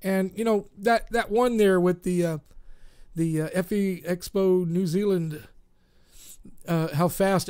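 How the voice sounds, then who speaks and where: A man's voice: sits high, steady tone, a little slow, long pauses, a little mellow. A man hosting a live internet radio show, chatting casually and rambling with lots of fillers and self-mocking asides.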